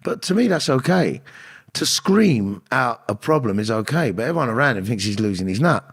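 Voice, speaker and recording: Gravelly-voiced man telling stories. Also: mid-range voice, a little fast. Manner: animated storyteller, acts out quoted dialogue, frequent restarts. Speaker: actor and guest. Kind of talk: candid interview storytelling.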